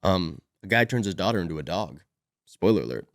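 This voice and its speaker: A sick man talks books on a casual podcast, sucking on a cough drop. His voice is lowish but lively, leaping up whenever he acts out a line. The sound is dry and close. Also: a little fast, no echo. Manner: animated, acts out quotes from the book. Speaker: podcast co-host. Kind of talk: casual book chat.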